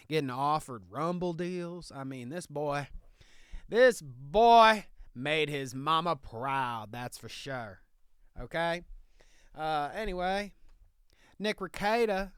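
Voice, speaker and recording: A swaggering small-town lawyer holds forth in a put-on Southern drawl, as a man plays him for comedy, ending nearly every line with a drawled "okay?". The voice sits somewhat high, smooth and clean. It is recorded close and dry, with no room sound. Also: a bit bright, no echo. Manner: tags sentences with a drawled "okay?". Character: folksy boastful redneck male lawyer. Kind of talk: comic character monologue.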